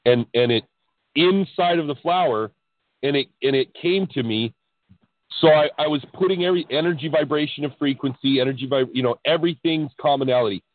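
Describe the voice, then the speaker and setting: A man, a podcast guest, telling the story of his spiritual experiences in an excitable, animated way, often restarting his sentences. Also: a little high, brisk, dry recording. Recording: dry tinny phone-line sound.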